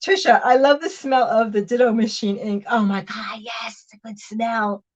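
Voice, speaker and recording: A woman's voice: on the high side, steady tone, moderate pace. A middle-aged woman hosting a casual livestream, reading viewer comments aloud and chatting while she chops vegetables, laughing often and sometimes talking with food in her mouth. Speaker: vlog host reading live chat.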